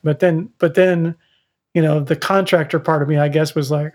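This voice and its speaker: A middle-aged father in a casual chat who talks haltingly and keeps restarting his sentences. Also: fairly high pitch, fairly even intonation, a little mellow.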